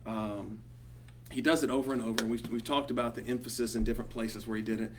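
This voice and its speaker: A man's voice: medium pitch, fairly even intonation, fast. A man with a Southern accent leading a small group Bible study, talking casually and rambling, with lots of ums and "you know". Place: small group meeting room. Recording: distant mic with faint hum.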